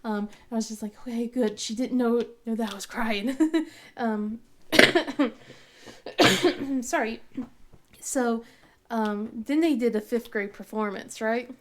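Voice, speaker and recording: Woman, thirties, craft vlogger, casual storytelling, rambling, lots of fillers, laughs often, slightly high pitch. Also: slow pace, long pauses, noisy background. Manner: rambling, full of fillers and restarts; laughs often while telling. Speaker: craft channel host.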